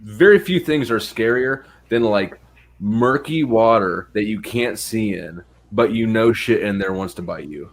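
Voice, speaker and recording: A man's voice: fairly low pitch, expressive, unhurried. A man hosting a casual chat, laid-back and profane with a dry sense of humor. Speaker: host.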